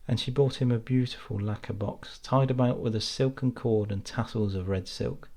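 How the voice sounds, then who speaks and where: A man reading a fairytale aloud in a calm, measured way. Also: medium pitch. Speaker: storyteller.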